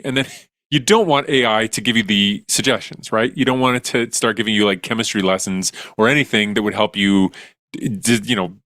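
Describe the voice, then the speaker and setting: A man's voice: lowish voice, fast talker, fairly bright tone, no room sound. Enthusiastic male science explainer, dry mic. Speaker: science educator guest. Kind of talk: casual chat.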